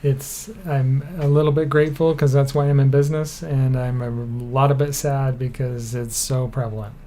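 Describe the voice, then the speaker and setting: Mellow-voiced man with wry humor. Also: mid-range voice, little pitch movement, moderate pace. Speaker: guest, thought coach. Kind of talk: casual chat.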